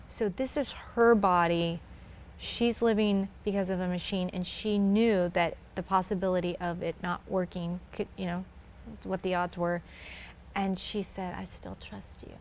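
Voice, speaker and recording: A woman's voice: lowish voice, steady tone, measured pace, a little hiss or hum. A woman in her thirties, a guest in a conversation, telling a personal faith story earnestly and acting out what others said.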